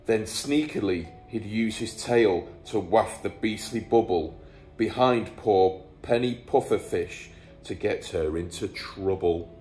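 A man reads a rhyming bedtime story aloud with a playful touch, his voice on the lower side and unhurried. The room has a clear echo, and music plays faintly behind him. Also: a little mellow. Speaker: teacher reading aloud. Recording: echoey room.

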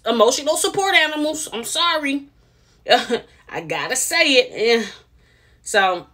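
A woman's voice: fairly high pitch, bright, forceful tone. A woman, giving casual, sassy commentary on a reality TV episode and repeating herself for emphasis. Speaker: reality TV reviewer.

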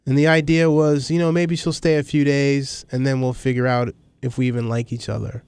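A middle-aged man speaking candidly as an interview guest, his stories rambling and animated. His voice sits at an ordinary middle pitch, and the recording is dry and close, with no room sound. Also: brisk, clean tone, no echo. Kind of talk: conversational interview.

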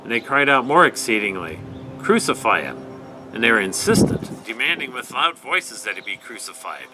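A man leading a night prayer service, giving a measured, even scripture reading. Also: medium pitch, over music, rough recording.

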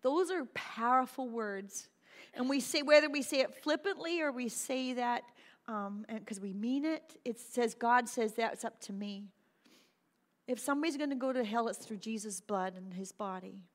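A middle-aged woman pastor preaching a sermon in a church, animated and self-deprecating, acting out little voices. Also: fairly high pitch, normal speed. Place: church sanctuary. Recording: long hall reverb.

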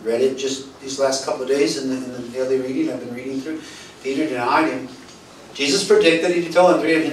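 A man's voice: medium pitch, fairly even intonation, brisk, slight background noise. Preaching man in an echoey church. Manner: storytelling, acts out quoted dialogue, swings from loud to soft. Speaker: pastor. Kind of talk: sermon. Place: church hall. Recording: roomy echo, voice from far off, faint ambience.

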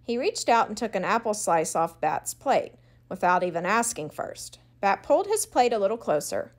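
A woman narrating a children's audiobook in a clear, expressive storytelling voice. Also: medium pitch, normal speed.

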